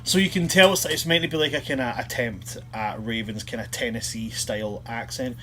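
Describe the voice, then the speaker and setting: A man chats casually at a tabletop game and drifts into rambling, self-mocking asides. His voice sits at an ordinary middle pitch, with a steady hum under the recording. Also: a little fast.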